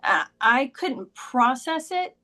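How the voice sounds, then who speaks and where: A woman's voice: high-pitched, sing-song, slow, bright, forceful tone. Woman telling a personal story. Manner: conversational, leans on "like" and "he goes". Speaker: podcast guest.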